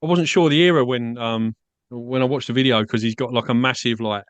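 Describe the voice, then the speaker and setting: A man hosting a casual podcast interview, relaxed and quick to agree. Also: mid-range voice, clear, resonant tone, no room sound. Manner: relaxed, frequent agreeing backchannels. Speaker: podcast host.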